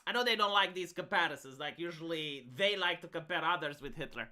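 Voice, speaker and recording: A woman's voice: sits low, lively intonation, brisk, pushed and bright. A woman from Romania, giving rambling, filler-heavy commentary on a casual live stream.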